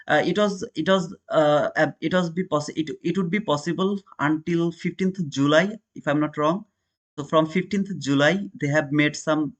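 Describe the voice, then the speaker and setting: A man with an Indian accent chatting casually with viewers while he hosts a live trading stream, calling them brother and answering chat. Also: fairly high pitch. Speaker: day trader and live-stream host.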